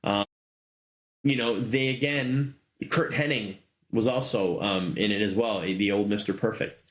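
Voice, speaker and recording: A man's voice: fairly low pitch, steady tone, a little slow, a bit bright. A middle-aged man hosting a casual solo talk show, rambling enthusiastically with many fillers. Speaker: podcast host. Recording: roomy echo.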